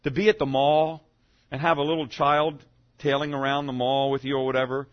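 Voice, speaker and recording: A man preaching a sermon to his congregation, swinging from loud to hushed as he goes. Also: mid-range voice, level tone, brisk. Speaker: pastor. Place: church sanctuary. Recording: dull lo-fi sound.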